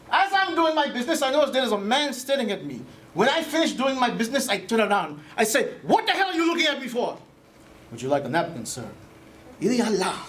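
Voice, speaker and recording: A man plays an earnest immigrant dishwasher telling his story in broken English, now and then bursting out higher and louder. The performance is heavily acted.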